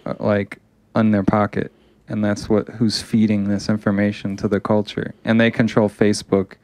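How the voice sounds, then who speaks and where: A man co-hosting a casual podcast chat, animated and jokey, talking close into a studio mic. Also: lowish voice, moderate pace. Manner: animated, jokey, laughs often. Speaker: podcast co-host.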